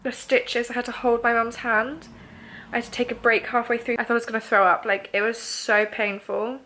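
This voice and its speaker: Young woman, stuffy nose, chatty diary talk, high bright voice. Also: level tone, brisk, slight background noise. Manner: chatty and emotional, lots of "like". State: congested, nasal after surgery. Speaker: vlogger. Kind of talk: casual video diary.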